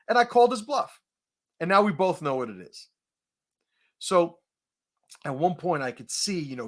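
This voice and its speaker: A man host telling a profane confrontation story in a casual, animated way, laughing at his own punchlines. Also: fairly high pitch.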